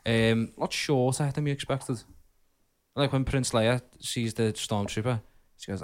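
A man's voice: mid-range voice, fairly even intonation, measured pace. A man co-hosting a casual podcast, laughing often while he tells drunken pub stories. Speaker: podcast co-host. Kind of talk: casual banter with friends.

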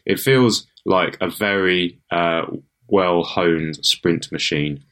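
A man's voice: deep voice, takes it slowly, a bit bright, clear, resonant tone. A man co-hosting a podcast, chatting casually and teasing playfully. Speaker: podcast co-host. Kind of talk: casual chat.

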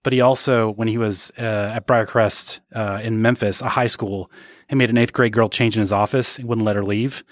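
A man's voice: on the low side, fairly even intonation, moderate pace, no room sound, studio quality. A man co-hosting a podcast, ranting sarcastically in casual chat. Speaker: podcast co-host. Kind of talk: casual pop-culture chat.

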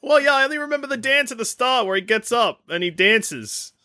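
A man co-hosting a casual game podcast, chatty and quick to laugh. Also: extremely high pitch, expressive, bright, forceful tone, dry recording, studio quality. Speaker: podcast co-host. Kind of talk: casual chat.

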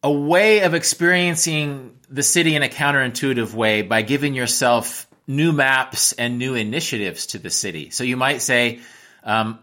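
A man's voice: medium pitch, sharp tone. An American man, a travel writer and teacher, giving reflective interview answers with frequent restarts. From United States.

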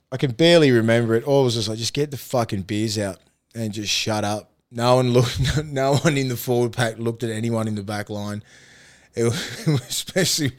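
A man with an Australian accent, a former rugby league player, telling rambling, profane anecdotes with frequent laughter in a casual podcast chat. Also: mid-range voice.

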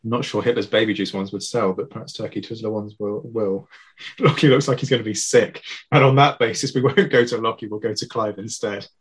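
Husky guy hosting a chatty session, wry jokes. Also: fairly low pitch, fairly even intonation, brisk. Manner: joking, wry. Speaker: host. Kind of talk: casual chat.

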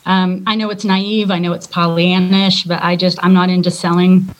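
A woman's voice: fairly low pitch, flat delivery, normal speed, rough recording. Woman guest, chatty storyteller, self-deprecating, laughs often, podcast interview. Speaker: guest singer and former worship leader.

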